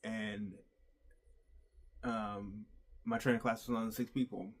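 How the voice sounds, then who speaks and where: A man telling a heartfelt story in a casual personal vlog, halting often with fillers and restarts. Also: lowish voice, little pitch movement, husky. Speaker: vlogger.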